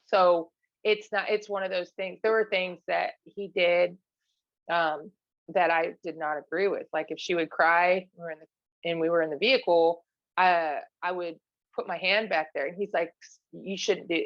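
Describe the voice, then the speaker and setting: A woman's voice: fairly low pitch, fairly even intonation, moderate pace, no room sound. Candid woman telling her story, dry and dull. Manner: candid, many fillers and restarts, quotes others in their voice. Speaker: podcast guest. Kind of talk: casual storytelling interview.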